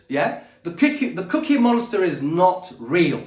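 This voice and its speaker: A man coaching public speaking in a video lesson, his voice sitting a little high. He stresses his points and often stops to check in with the viewer. The sound is roomy and echoey. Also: sing-song, moderate pace, few pauses. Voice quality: says he is a bit dyslexic and trips over words. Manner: emphatic, checks in with "okay?" and "all right?". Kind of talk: talking-head video lesson at a whiteboard.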